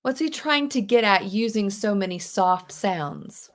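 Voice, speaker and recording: A woman teaching a live online English class, chatty and expressive, with unhurried explanations. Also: medium pitch. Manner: chatty, expressive, reads lines aloud dramatically. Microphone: video call.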